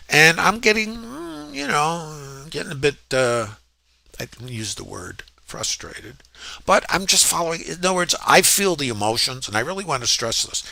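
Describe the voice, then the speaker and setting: Bright-voiced man explaining trades. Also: on the high side, gravelly, no room sound. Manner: reflective, stresses points, many fillers and restarts. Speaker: trading educator. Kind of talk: screen-share trading walkthrough.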